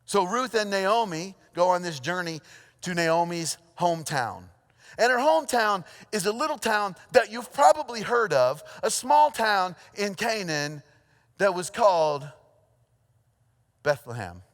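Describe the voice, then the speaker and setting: A pastor preaching a sermon, telling a story with lively energy, then dropping to a hushed, earnest tone. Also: male voice, high voice, a little slow. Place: church auditorium. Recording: long hall reverb.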